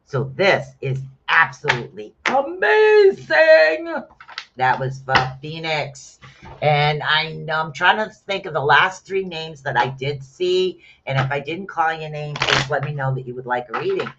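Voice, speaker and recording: A man's voice: fairly high pitch, normal speed, few pauses, noisy background. A middle-aged man chatting casually through a live rune reading, calling his listeners honey. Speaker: rune reader. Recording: dull lo-fi sound.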